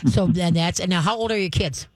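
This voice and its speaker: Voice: medium pitch, brisk, no echo. A dog trainer giving advice to a caller, rambling with many restarts and playful dog talk, laughing often along the way.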